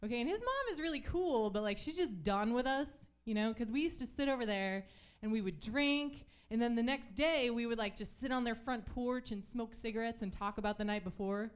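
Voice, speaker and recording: A woman's voice: on the high side, animated, brisk, smooth. Chatty young woman doing stand-up. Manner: chatty storytelling with lots of "like", acts out voices. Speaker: stand-up comedian. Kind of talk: stand-up comedy set. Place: comedy club stage.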